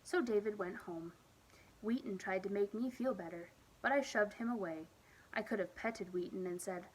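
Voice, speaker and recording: A woman reading a children's picture book aloud at storytime, with expressive, lively emphasis. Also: medium pitch, moderate pace, a little hiss or hum, rough recording. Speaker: storytime reader.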